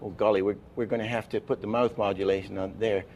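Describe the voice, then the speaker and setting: This animation teacher speaks fast in a lowish, darkish voice with a level tone, and there's a little hiss or hum. He's lecturing in a masterclass, stumbling through false starts and counting frames aloud.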